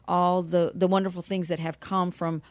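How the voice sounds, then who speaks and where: Earnest, low-voiced woman, radio guest. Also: flat delivery, no echo. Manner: earnest, spells things out slowly and carefully. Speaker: nonprofit executive director, guest. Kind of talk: radio interview.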